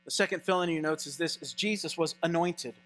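A male pastor preaching a sermon in an animated, conversational way. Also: a little high, a little fast, soft background music.

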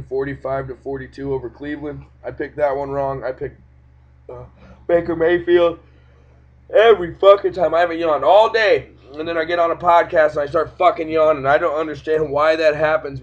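Man ranting about football, lo-fi. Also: medium pitch. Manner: profane, ranting, animated. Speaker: podcast host. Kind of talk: casual sports podcast chat. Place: home room, cat nearby. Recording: dull lo-fi home podcast recording.

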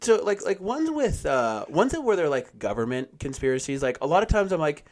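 A young man in casual chat, loose and slangy, with a very animated voice. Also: on the high side, brisk.

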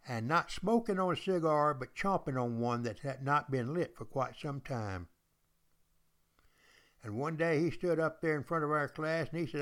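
An older man hosting a podcast, a former history teacher telling history in a folksy, emphatic way. He repeats himself and speaks straight to his listeners. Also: on the high side. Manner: emphatic, repetitive, addresses listeners directly.

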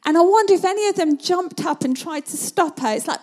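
High-voiced woman preaching. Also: fairly quick, hardly any pauses. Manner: conversational, vivid storytelling, sometimes drops to a hush. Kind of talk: sermon.

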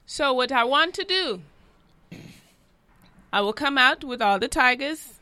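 A woman voicing a Jamaican dog walker who is applying for a circus job, pitching herself earnestly and listing things at length. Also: expressive, sharp tone, smooth, exaggerated voice. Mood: eager. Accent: put-on Jamaican. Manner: earnest, salesy job-interview pitch with drawn-out lists.

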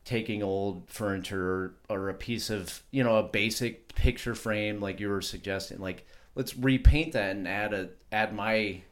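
A man's voice: lowish voice, moderate pace, hardly any pauses. A man co-hosting a casual podcast about art and creativity, rambling and restarting his sentences as he thinks aloud. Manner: rambling, self-interrupting, with many restarts. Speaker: podcast co-host. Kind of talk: casual chat.

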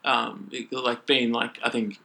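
Young aussie guy chatting loose, lots of "like", bright punchy voice. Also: medium pitch, level tone, a little slow, vocal fry. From Australia. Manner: laid-back, rambling, lots of "like". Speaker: guest athlete. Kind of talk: casual chat.

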